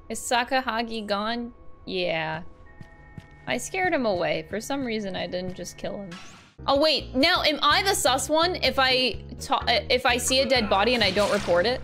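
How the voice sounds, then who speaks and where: Young female streamer, bright and excitable, casual sweary commentary. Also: fairly high pitch, normal speed, faint music behind. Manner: excitable and sweary, laughing often and switching between voices. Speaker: gaming streamer.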